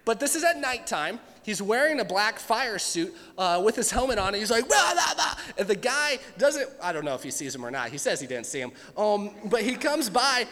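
A young male pastor delivers a sermon in a relaxed, storytelling manner, slipping into quick voiced impressions of the people in his anecdotes. His voice sits high for a man. The sound carries a long reverb from a large hall. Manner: casual storytelling with playful voiced asides.

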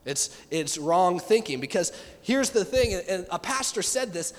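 Animated high-voiced male preacher. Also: unhurried, in a large hall. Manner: animated, acts out quoted voices. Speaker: youth pastor. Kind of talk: sermon.

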